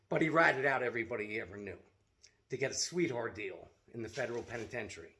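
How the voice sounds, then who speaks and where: A man's voice: medium pitch, quick pace, bright, forceful tone. A middle-aged man telling a story in a blunt, profane, casual vlog rant as a seller of self-defense gear.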